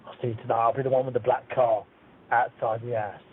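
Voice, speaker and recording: A man on a phone line voicing a threatening male Cockney caller, an angry ex-boyfriend with a husky, mumbled voice and a put-on Cockney accent. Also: mid-range voice, fairly even intonation, fast, close to an everyday voice. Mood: menacing. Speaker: prank caller.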